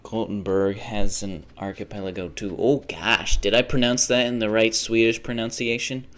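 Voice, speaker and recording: A man's voice: fairly low pitch, steady tone, normal speed, a bit bright. A young American man streaming live, rambling and joking, laughing often and slipping into silly voices. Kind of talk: casual live-stream chat.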